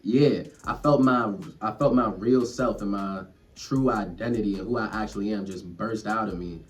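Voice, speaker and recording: A man's voice: fairly low pitch, moderate pace. A young man ranting casually and earnestly to camera, rambling and swearing as he reflects on himself. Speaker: vlogger. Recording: distant mic, faint music behind.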